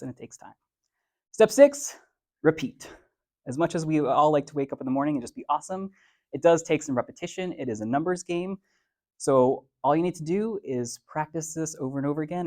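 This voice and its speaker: A man's voice: fairly high pitch, darkish tone. A man and author giving a conversational, playful motivational talk to a live audience, laying out his points in numbered steps and using casual everyday phrasing.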